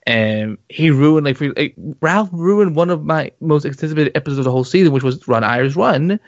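A man co-hosting a casual podcast, talking in an animated, excitable way with many restarts. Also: fairly high pitch, brisk, no echo. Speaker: podcast co-host. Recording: dull muffled lo-fi sound.

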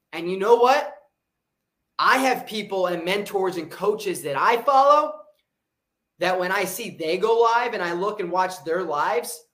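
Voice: medium pitch, a bit bright. A motivational livestream host giving an unscripted, intense and profane pep talk, often breaking off to answer viewer comments. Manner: intense, profane, repetitive hype. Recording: roomy echoey room.

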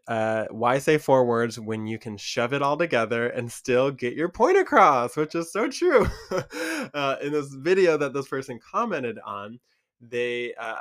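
Talking to the camera as a vlogger, this man from Michigan sounds animated, leans on lots of fillers, and has a mid-range voice with his home-state accent.

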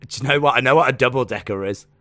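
A man co-hosting a casual chat show, playful and quick to laugh and slip into silly voices. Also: mid-range voice, bright, forceful tone, dry recording. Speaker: co-host.

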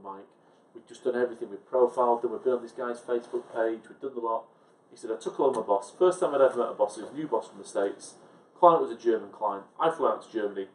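A man co-hosting a casual chat, telling stories in an animated, emphatic way. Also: on the low side. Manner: animated storyteller, quick and emphatic. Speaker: podcast co-host, recruiter. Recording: echoey room.

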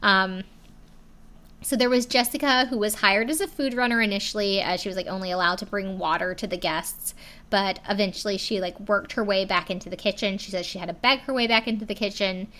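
Young woman, bright tone, chatty casual recap, heavy "like" fillers, casual swearing. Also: medium pitch, steady tone, brisk. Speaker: video recapper.

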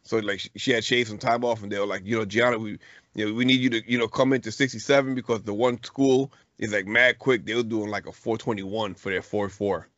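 A man's voice: on the low side, fairly even intonation, fairly quick, fairly bright tone, no room sound. A middle-aged man co-hosting a podcast, chatting casually and telling a story in slangy speech full of restarts. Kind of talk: casual chat. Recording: dull lo-fi podcast recording.

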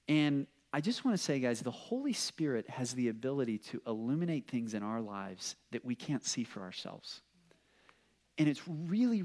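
A young man preaching a casual sermon, telling stories with lots of fillers and animated asides. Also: mid-range voice. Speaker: pastor.

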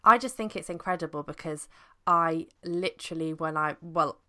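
A woman's voice: deep voice, moderate pace, bright, forceful tone. A woman hosting a podcast interview, asking questions and reacting effusively. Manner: effusive and encouraging. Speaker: podcast host.

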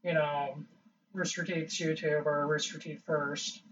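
A man's voice: on the high side, flat delivery, unhurried, a bit bright. A man co-hosting a casual podcast chat, blunt and wisecracking. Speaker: podcast co-host. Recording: distant, dull-sounding mic.

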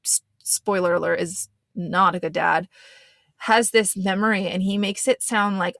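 A woman's voice: medium pitch, fairly even intonation, normal speed, fairly bright tone, no room sound, studio quality. A young adult woman hosting a podcast, talking in a loose, rambling, casual way. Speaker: podcast host. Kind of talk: casual chat.

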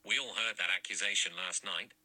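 Man voicing blunt aggressive man, slangy, husky bright voice, audiobook. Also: low-pitched, fairly even intonation, a little fast, heavily acted, low-quality recording.

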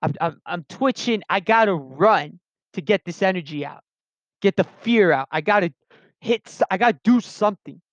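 A man's voice: high-pitched, animated, moderate pace, no echo. A young man in his late teens telling a personal story casually, rambling with lots of restarts and fillers, on a dull lo-fi recording.

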